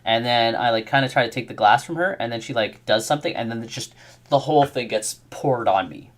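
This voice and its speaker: A man in his thirties, a game developer, telling animated stories in casual chat while he codes. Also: mid-range voice, brisk. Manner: animated storyteller who acts out quotes.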